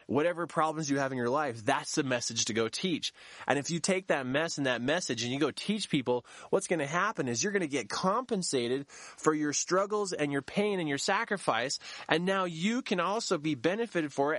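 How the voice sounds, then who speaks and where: A man's voice: mid-range voice, normal speed, fairly bright tone, no echo. A man who works as a business coach gives a motivational talk, driving his points home by repeating key phrases.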